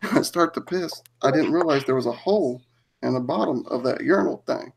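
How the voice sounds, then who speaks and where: A man's voice: mid-range voice, animated, a little fast, creaky, husky. A man co-hosting a live stream, telling profane stories in a casual way and laughing through them. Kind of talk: crude casual storytelling.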